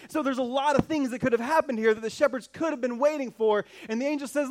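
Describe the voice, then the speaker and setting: A man in his thirties preaching a sermon as pastor, conversational and playful, with dramatic hushed moments. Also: very high voice, fast, few pauses.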